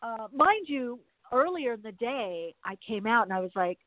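A woman's voice: a little high, big pitch swings, moderate pace, no room sound. A woman host talks in a loose, rambling, chatty way, spinning everyday stories for her listeners. Her voice comes through thin and tinny, like a phone line, with a close, dry sound and no room around it. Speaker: podcast host. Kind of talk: casual chat.

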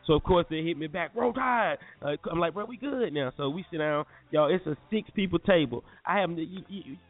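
A young man from North Carolina, animated and slangy, telling a story to listeners as a podcast host. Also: on the high side, a little fast. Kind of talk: casual storytelling. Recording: phone-like lo-fi audio with faint music.

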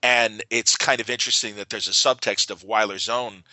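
Very bright-voiced man chatting casually. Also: on the low side, fairly even intonation, normal speed, no echo, rough recording. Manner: rambling storyteller with many restarts and fillers. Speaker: podcast host. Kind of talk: casual chat.

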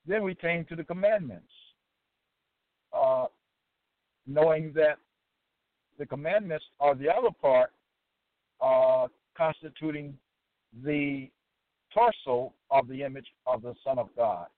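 A man reads scripture aloud in a fairly high voice, slow and deliberate, pausing and filling gaps with hesitant fillers between his comments. The sound is thin and phone-like, with a dry, close feel and no room around it. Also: no echo. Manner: deliberate, halting, frequent fillers. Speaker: religious presenter. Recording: tinny phone-like dry recording.

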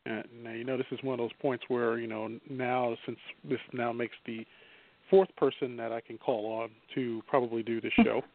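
A man's voice: mid-range voice, flat delivery, moderate pace, gravelly. A man hosting a talk radio interview, feeling his way through long questions with plenty of fillers. His voice sounds thin and phone-like. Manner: hesitant, rambling questions with many fillers. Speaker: radio show host. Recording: phone-line audio.

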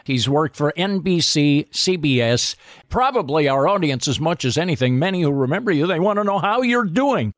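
A man hosting an interview, asking measured questions with formal introductions. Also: fairly high pitch, expressive, no room sound, clean studio sound. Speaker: interview host. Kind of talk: radio interview.

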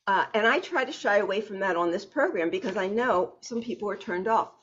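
A woman's voice: mid-range voice, animated, brisk, a bit bright, slightly rough. A woman hosting an interview, encouraging her guest with frequent short responses, on dull lo-fi audio. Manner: encouraging, backchannels often. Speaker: interview host.

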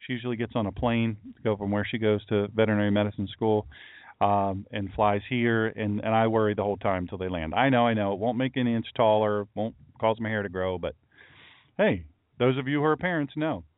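A man's voice: fairly low pitch, a little fast, no room sound. A middle-aged man, a pastor, chatting casually on a livestream with folksy, rambling asides to his chat. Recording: dry, phone-like lo-fi audio.

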